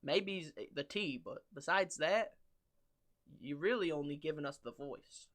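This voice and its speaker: A young American man co-hosting a podcast with a loud, brash, joking delivery. His voice is bright and slightly high. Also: lively intonation, unhurried. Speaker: podcast co-host. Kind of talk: casual chat. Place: home room with soundproofing.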